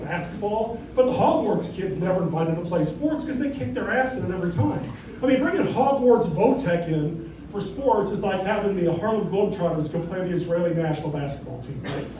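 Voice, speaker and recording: A middle-aged stand-up comedian rambles through his set, checking in with the crowd. His voice sits high. It is captured from afar in a very echoey, noisy club. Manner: rambling, conversational, keeps asking "right?". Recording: echoey room, distant mic, noisy.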